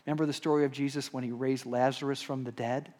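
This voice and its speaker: A male pastor preaching a sermon in a conversational way, tossing in "right?" and "okay?", swinging between emphatic rises and quiet, slowed drops. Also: mid-range voice, flat delivery. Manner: conversational preaching with rhetorical asides and repeated "right?".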